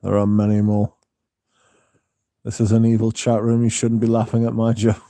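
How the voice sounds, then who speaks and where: A man's voice: on the low side, monotone, moderate pace, warm tone, dry recording, studio quality. A man hosting a livestream, reading live comments in casual chat, laughing often and swearing. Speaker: livestream host.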